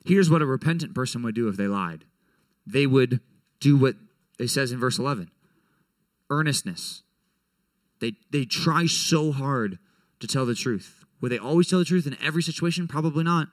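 Male preacher, mid-pitched, conversational sermon delivery, close dry sound. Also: normal speed, long pauses, no room sound. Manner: conversational, animated, frequent "right?" check-ins. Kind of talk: sermon to young people.

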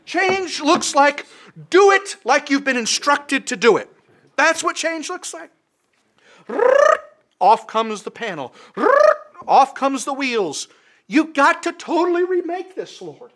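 A male preacher delivering a sermon in a high, ringing voice. He hammers his points home with emphatic repetition. His delivery is impassioned throughout. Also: very animated, takes it slowly, a bit bright.

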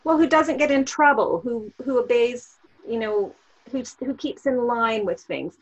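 A woman coach explaining parenting techniques calmly on a podcast, giving examples as she goes. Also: fairly high pitch, unhurried, muffled recording. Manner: calm, explanatory, gives examples. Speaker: NLP coach guest. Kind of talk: podcast interview.

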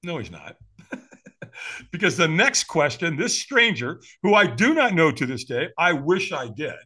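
Male American podcast guest, firewalk instructor; bright, fairly high voice, animated storyteller who acts out quotes. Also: a little slow, husky. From United States. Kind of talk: storytelling in a conversation.

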